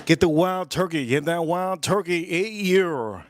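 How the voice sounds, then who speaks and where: A man's voice: high voice, measured pace, a little hiss or hum. A jet-lagged man hosting a casual livestream, repeating himself, swearing loosely and calling out to viewers. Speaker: livestream host.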